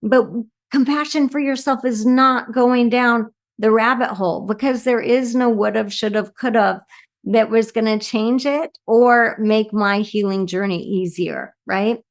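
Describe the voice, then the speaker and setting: A woman's voice: fairly high pitch, a little slow. A woman who works as a medium, talking earnestly about grief and compassion in an interview, often ending with "right?". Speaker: medium and speaker. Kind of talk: reflective talk in an interview.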